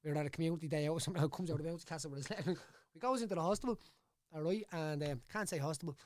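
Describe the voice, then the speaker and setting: Fast-talking Dublin man, rambling. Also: a little high, a little mellow, dry recording, clean studio sound. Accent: Dublin Irish. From Ireland. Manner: rambling, repeats words, keeps saying "you know what I mean". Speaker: podcast guest, former fighter. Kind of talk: casual chat. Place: studio.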